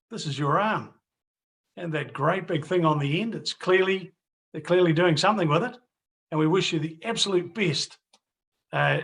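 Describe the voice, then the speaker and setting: A man's voice: fairly high pitch, a bit bright. A middle-aged man hosting a casual interview, rambling, restarting and repeating his phrases. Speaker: host. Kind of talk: casual video interview and wrap-up to viewers.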